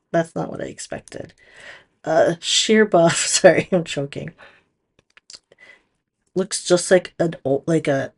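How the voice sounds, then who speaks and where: A woman talks through a nail product demo at an unhurried, slow pace. Her voice has a gravelly, creaky edge, and she chats and thinks aloud as she works with her hands. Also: low-pitched. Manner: chatty, thinking aloud while working.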